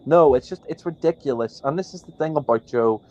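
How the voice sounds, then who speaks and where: A man's voice: a little high, brisk, mellow, muffled recording. A man co-hosting a podcast, ranting indignantly with lots of fillers. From Northern Ireland. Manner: indignant, rambling with many fillers. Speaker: podcast co-host. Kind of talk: casual podcast rant.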